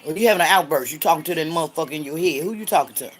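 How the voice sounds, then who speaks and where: Loud trash-talking woman in her sixties. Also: rapid-fire. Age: 60s. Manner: loud, cursing, trash-talking, swings between hollering and low muttering. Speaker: livestream host. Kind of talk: livestream chat answering viewers.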